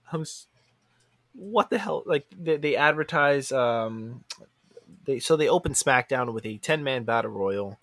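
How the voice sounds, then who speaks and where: A man's voice: no room sound, studio quality. A man co-hosting a casual wrestling podcast, retelling a show with acted-out quotes and big jumps in his voice. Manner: animated storyteller, acts out quotes with big pitch jumps. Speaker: podcast co-host. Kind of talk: casual wrestling recap chat.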